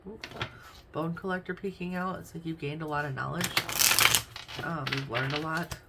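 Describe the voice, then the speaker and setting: A woman's voice: deep voice, fairly even intonation, moderate pace, heavy background noise. A woman doing a casual tarot reading, chatty and thinking aloud as she names each card. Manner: chatty, thinks aloud while naming cards. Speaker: tarot reader.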